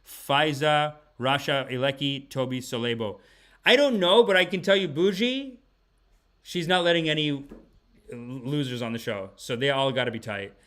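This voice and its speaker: A man hosting a comedy podcast, telling rambling casual stories with animated energy and frequent laughter. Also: medium pitch, normal speed. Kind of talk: casual comic storytelling.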